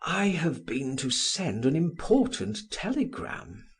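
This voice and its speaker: A male narrator voicing a passionate young man who pleads in a raised, breathy voice. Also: on the high side, big pitch swings, slow pace, pitched above the performer's own voice, heavily acted. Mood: pleading.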